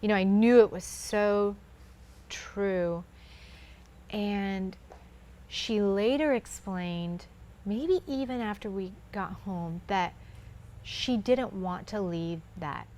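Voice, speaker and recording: A woman's voice: mid-range voice, takes it slowly, mellow. A woman in her thirties, a guest in a conversation, telling a personal faith story earnestly and acting out what others said.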